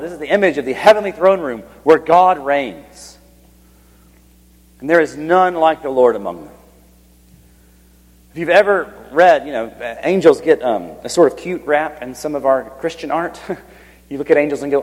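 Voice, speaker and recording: A man's voice: on the high side, expressive, normal speed, slightly rough. A man preaching a sermon, reading scripture aloud with swelling emphasis and then dropping to a near whisper when he speaks of awe. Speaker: pastor. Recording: long hall reverb.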